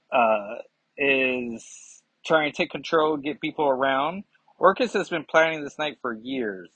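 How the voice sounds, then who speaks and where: A man reviews a comic book in a casual vlog, chatty and rambling with self-mocking asides. His mid-range voice is bright, forceful and husky, and the dry recording has a dull lo-fi sound.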